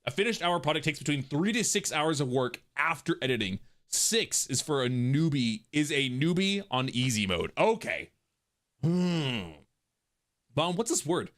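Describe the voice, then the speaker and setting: A man's voice: on the high side, normal speed. A man chatting casually and jokingly with his livestream audience. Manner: animated, jokey, talks to chat. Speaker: streamer.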